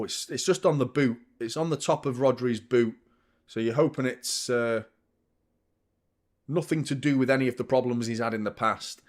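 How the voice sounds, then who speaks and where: Opinionated man on a live football watchalong. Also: mid-range voice. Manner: chatty and opinionated, swears, rises sharply at big moments. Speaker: host of a football fan channel. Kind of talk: live match watchalong commentary.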